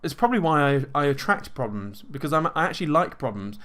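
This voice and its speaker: A man talking casually and at length in an energetic, self-assured way, full of fillers and restarts. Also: a little high, quick pace. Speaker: host answering viewer questions. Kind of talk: casual monologue.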